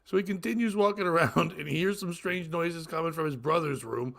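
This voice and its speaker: A man's voice: fairly quick, creaky, fairly bright tone. A man co-hosting a casual comedy podcast, reading crude jokes aloud, laughing constantly and acting out the characters in exaggerated voices. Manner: laughs constantly, squeals into high-pitched shrieks when laughing. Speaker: podcast co-host.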